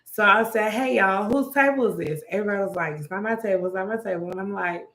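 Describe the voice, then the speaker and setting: Young woman, casual chat, mid pitch, echoey room, acts out dialogue. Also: fast. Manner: animated storyteller who acts out quotes. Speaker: restaurant manager and podcast co-host.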